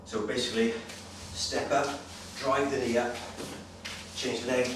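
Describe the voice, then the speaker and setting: A slightly breathless male personal trainer demonstrating exercises, giving brisk, direct coaching with frequent check-ins. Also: medium pitch, flat delivery. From Wales. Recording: very echoey, distant, noisy room sound.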